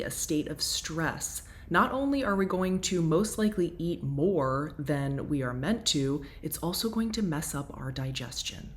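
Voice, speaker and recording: Calm low-voiced woman breathwork guide. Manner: calm, gentle and reassuring. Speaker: breathwork instructor.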